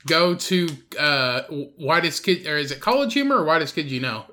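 A young man with a slightly high, bright voice who tells loose, rambling stories. He swears freely and talks in a relaxed, offhand way as a podcast host. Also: normal speed. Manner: rambling, profane storyteller. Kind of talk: casual chat.

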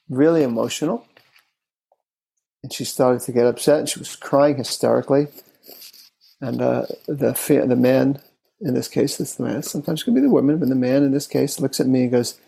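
Male therapist, interview guest, husky gravelly voice, unhurried short phrases. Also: medium pitch, mellow, poor audio. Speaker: therapist and relationship expert.

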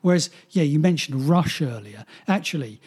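A man's voice: on the high side, expressive, moderate pace, darkish tone, husky. A man, co-hosting a casual chat, talking in a chatty, laughing way full of restarts. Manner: chatty, laughing, many restarts and "you know". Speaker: podcast co-host.

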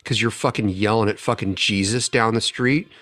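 A man's voice: lowish voice, steady tone, normal speed, a bit bright, no echo. A man co-hosting a casual podcast, sardonic and swearing heavily. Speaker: podcast co-host.

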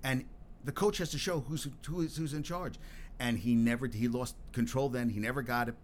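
A man's voice: mid-range voice, a little fast, a little hiss or hum. Rambling, cursing male podcast host. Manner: rambling and profane, with frequent restarts; worked up and emphatic. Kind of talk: solo podcast monologue.

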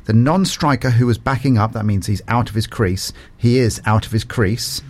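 A man hosting a local radio interview, reading out listener questions and asking quick, chatty follow-ups. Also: mid-range voice, a little mellow.

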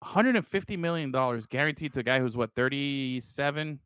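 A man's voice: medium pitch, expressive, a little fast, fairly bright tone, clean tone, dry recording. A man co-hosting a casual sports podcast, rambling and swearing freely, calling his friends bro. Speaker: podcast co-host.

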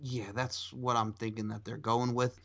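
A man hosting a casual podcast, animated and rambling, swearing and laughing often. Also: mid-range voice, moderate pace, vocal fry. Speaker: podcast host. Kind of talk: casual chat. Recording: dull lo-fi sound.

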